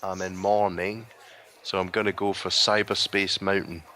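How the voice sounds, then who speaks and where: A man co-hosting a podcast, chatting in a dry, deadpan way. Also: deep voice, normal speed. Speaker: podcast co-host. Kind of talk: casual chat.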